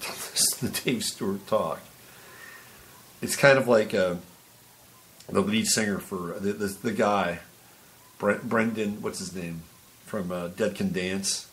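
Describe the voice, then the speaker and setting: A man's voice: on the low side, a little slow, pauses often, a bit bright. A man hosting a podcast, casually reading through dates and birthdays, rambling and humming to himself between items. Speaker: podcast host.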